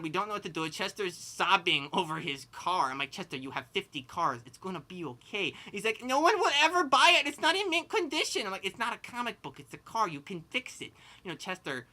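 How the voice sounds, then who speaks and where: Brisk, expressive, pushed and bright at medium pitch, the performer improvises comic stories as a cartoonish pig. That pig rambles, lisps, pronounces r as w, breaks into laughter mid-sentence, and repeats "like" and "you know."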